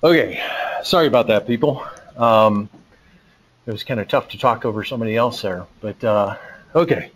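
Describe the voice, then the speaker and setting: During a live demo in a technical webinar, the presenter sounds winded and casual, thinking out loud with frequent fillers and restarts. His voice is fairly low and moderately paced. The low-quality recording carries a little hiss or hum.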